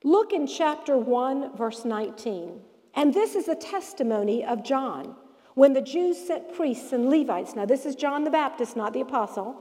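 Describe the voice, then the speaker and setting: A woman teaching a women's Bible study lesson, telling the story with animated, emphatic rises in her voice. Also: sits high, moderate pace. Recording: long hall reverb.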